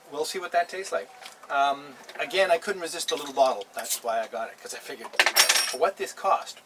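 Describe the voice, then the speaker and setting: A man's voice: fairly high pitch, sharp tone, distant mic, a little hiss or hum, low-quality recording. Chatty older man, vlog host on a boat. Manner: chatty and easygoing, chuckling often. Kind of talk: casual beer-tasting vlog. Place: on a boat in a harbour.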